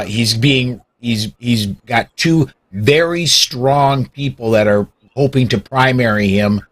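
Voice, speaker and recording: A man hosts a podcast and chats about politics. He stumbles into his thoughts with restarts, then drives them home with emphasis. His voice is at an ordinary pitch for a man. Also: fairly bright tone. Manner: conversational, hesitant starts building to emphatic points. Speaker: podcast host. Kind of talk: casual political talk.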